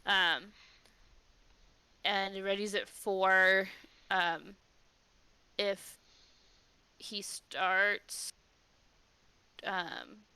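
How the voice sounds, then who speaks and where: A woman's voice: medium pitch, steady tone, drawn-out words, pauses often, pushed and bright, clean tone, dry recording, rough recording. A woman player in a tabletop game, talking hesitantly with lots of ums as she plans her move. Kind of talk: casual tabletop play.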